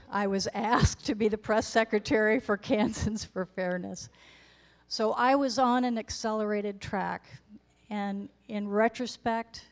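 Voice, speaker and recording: A woman's voice: medium pitch, a little mellow. Candid woman in her fifties telling her story. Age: 50s. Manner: candid, self-deprecating, with wry humor. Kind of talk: personal storytelling talk.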